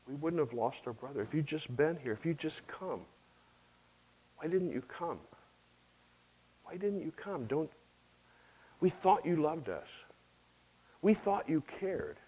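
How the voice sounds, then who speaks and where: Man doing a grieving sister, soft, hurt, pleading questions, voice lifting higher. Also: animated, a little slow, long pauses, slightly rough, full character voice, rough recording. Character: grieving woman pleading over her dead brother.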